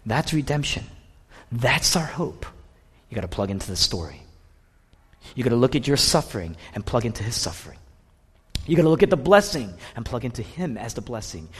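A man preaching a sermon in a church, swinging between loud declarations and hushed whispers. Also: on the high side, husky. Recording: long reverb of a large hall.

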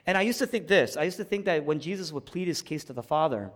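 A man preaching a sermon, swinging from hushed low passages to loud, rising climaxes. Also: lively intonation, fast. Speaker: pastor. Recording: long hall reverb.

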